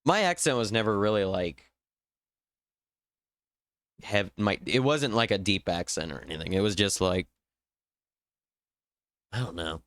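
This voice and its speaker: Young male streamer from Indiana, loose rambling chat full of ums, smooth clear voice, dry close sound. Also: lowish voice, animated, a little slow, long pauses, a bit bright, no room sound. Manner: rambling, thinking aloud with fillers. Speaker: livestream host.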